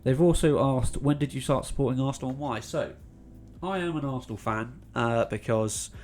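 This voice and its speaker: A man's voice: medium pitch, normal speed, darkish tone, slight background noise. A young man from England with a North London accent, hosting a casual Q&A vlog in a chatty, rambling way, full of ums and restarts. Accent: North London English. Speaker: YouTube channel host.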